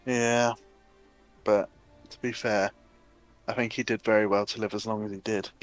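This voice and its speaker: A man's voice: fairly low pitch, flat delivery, moderate pace, soft background music. A man chatting casually with a teammate while driving in a racing game. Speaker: sim racing driver. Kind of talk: casual chat while gaming.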